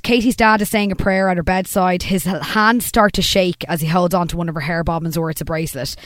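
Woman, fairly low voice, dry close mic, lively recap chat. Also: no room sound. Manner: animated storytelling, acting out characters' lines. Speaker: podcast co-host.

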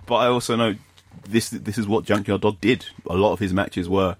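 A man's voice: lowish voice, fairly even intonation, a little fast, no room sound. A man co-hosting a wrestling podcast, a wry storyteller in casual chat. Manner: wry storyteller, acts out quotes. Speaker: podcast co-host.

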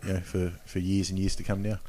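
Very deep-voiced man, wry. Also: flat delivery, fast talker, dark tone. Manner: laid-back, wry asides. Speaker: podcast co-host. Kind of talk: casual chat.

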